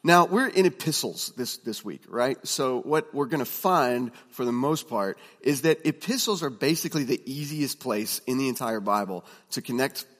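A man teaches a room full of students in a conversational, story-driven way, stumbling over restarts and fillers. His voice sits at a middle pitch. It carries a long reverb from a large hall. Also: animated, moderate pace, hardly any pauses, a bit bright. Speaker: preaching instructor. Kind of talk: classroom teaching talk.

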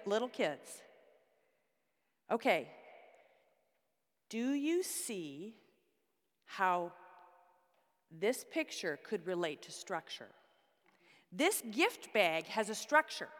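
A woman's voice: a little high, fairly bright tone. A woman teaching a Bible study class, explaining step by step with props and asking the class questions. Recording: long hall reverb.

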